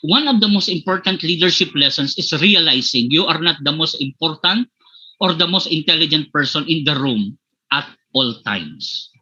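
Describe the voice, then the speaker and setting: A Filipino-accented man gives a leadership lecture over a webinar, his voice slightly high, very bright and a bit husky. He switches between English and Filipino and keeps checking in with his listeners. The computer-mic audio sounds dull and lo-fi. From Philippines, Bicol region. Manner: addresses listeners as "my dear participants". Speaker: guest speaker on leadership.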